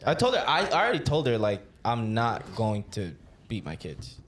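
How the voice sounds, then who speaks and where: A man co-hosting a casual podcast chat, quick to laugh and push back on the others. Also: mid-range voice, big pitch swings, fairly bright tone, a little hiss or hum. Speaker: podcast co-host.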